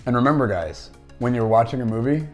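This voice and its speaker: A man's voice: mid-range voice, expressive, fast, soft background music. Enthusiastic man talking about movies. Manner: enthusiastic, conversational, retells scenes with quoted dialogue. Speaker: movie commentary host. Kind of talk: casual movie commentary.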